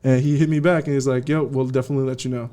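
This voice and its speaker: Young dj guy from california, slangy, bounces into quoted voices, kinda dark mellow tone. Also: medium pitch, rapid-fire. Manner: slangy, animated, acts out quotes. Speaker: DJ guest. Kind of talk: casual interview storytelling.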